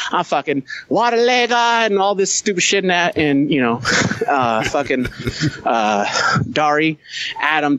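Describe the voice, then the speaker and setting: A man's voice: medium pitch, fairly bright tone, no room sound, dull audio. Profane male veteran telling a war story. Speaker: podcast guest, Marine veteran. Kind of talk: casual storytelling.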